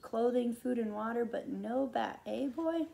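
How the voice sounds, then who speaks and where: Woman putting on a gruff farm woman, blunt and interrogating, gravelly edge, mid-pitched storybook voice. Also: steady tone, normal speed, darkish tone, close to an everyday voice, rough recording. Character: gruff one-legged woman, sharp and suspicious.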